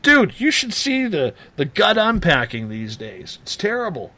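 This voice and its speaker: A man hosting a late-night radio talk show, animated and teasing as he rants. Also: high voice, measured pace.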